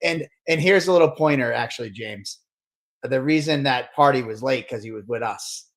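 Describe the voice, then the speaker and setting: A man's voice: mid-range voice, normal speed, fairly bright tone. A man who promotes fight events, hosting a casual podcast with earnest, repetitive talk and many restarts.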